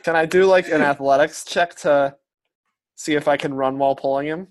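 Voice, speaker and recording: A man's voice: on the high side, fairly even intonation, moderate pace. A man playing a tabletop game, tentative as he asks about rules. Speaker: player. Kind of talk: casual tabletop play.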